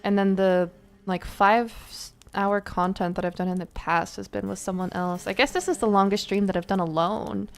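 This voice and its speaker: Sleepy young woman streamer, chatty and rambly, mid-pitched voice. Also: steady tone, moderate pace, creaky. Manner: chatty, rambling with many fillers and laughs. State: tired. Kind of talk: casual stream chat.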